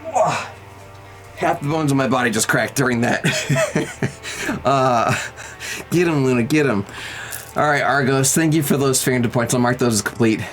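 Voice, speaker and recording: Over soft background music and poor audio, a young man at a moderate pace chats casually on a live stream in a medium-pitched voice. He jokes around with viewers while counting his exercise reps aloud.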